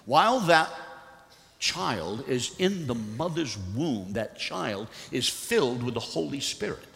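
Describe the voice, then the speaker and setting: A man preaching a sermon and reading scripture aloud, swinging between loud bursts and hushed, earnest moments. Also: mid-range voice, very animated, slow, gravelly. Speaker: pastor. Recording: long hall reverb.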